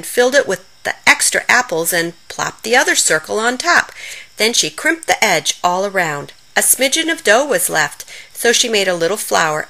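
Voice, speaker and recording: A woman reading a children's story aloud in an expressive, animated manner. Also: medium pitch, poor audio.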